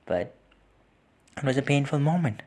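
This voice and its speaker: A young man hosting a podcast, recounting a painful loss in a halting way, with repeated words and sighs, close to tears. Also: mid-range voice, expressive, a little mellow. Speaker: podcast host. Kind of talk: personal reflective storytelling.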